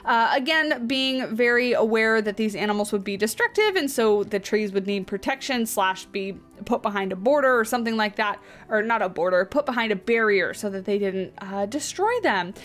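A woman's voice: mid-range voice, lively intonation, moderate pace, few pauses, faint music behind. A woman hosting a let's play, chatting casually as she builds in a zoo game and reacts aloud to what happens on screen. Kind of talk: casual gameplay commentary.

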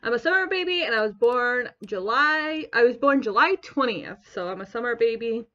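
Bubbly, giggly high-voiced woman gamer. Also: animated, normal speed, bright, forceful tone, dull audio. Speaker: gaming YouTuber. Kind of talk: casual let's-play commentary.

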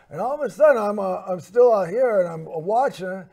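A man's voice: high voice, lively intonation, normal speed, hardly any pauses, dark tone. A man hosting a show, telling a personal story in a rambling way, full of fillers and restarts. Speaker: host.

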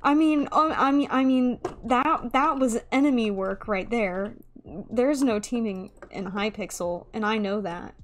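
Young woman gamer, highish voice, talks slow n playful, keyboard clicks in the back. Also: slight background noise. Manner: playful, theatrical, pleading with other players. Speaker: gaming YouTuber. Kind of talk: live gameplay commentary. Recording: faint keyboard clicking behind. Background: keyboard typing and clicks.

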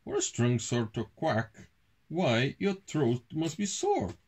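A man's voice: medium pitch, wildly swooping pitch, slow, darkish tone, husky, exaggerated voice. A father reading aloud, voicing a kind young boy knight in a storybook. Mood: eager.

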